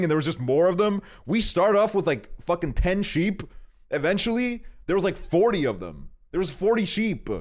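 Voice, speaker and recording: Rambling, cursing young man streamer. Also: a little high. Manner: rambling, profane storytelling with frequent fillers. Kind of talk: casual stream chat.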